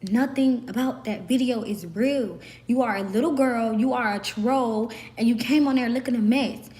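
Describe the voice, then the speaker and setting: Hoarse young Southern woman ranting. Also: fairly high pitch, moderate pace, darkish tone. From American South. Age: young adult. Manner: sassy, emphatic, repeats herself. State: hoarse, voice worn out. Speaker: vlogger. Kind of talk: ranting to camera.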